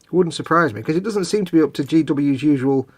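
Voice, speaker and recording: Husky-voiced man chatting. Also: a little high, quick pace, no room sound. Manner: rambling, chatty, trailing off mid-thought. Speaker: co-host of a model-building live stream. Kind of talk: casual chat.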